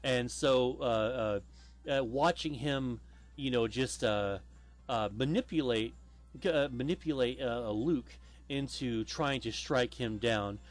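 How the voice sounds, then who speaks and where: A man's voice: medium pitch, takes it slowly. A man hosting a casual podcast chat, rambling with lots of fillers and the odd swear word. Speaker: podcast host.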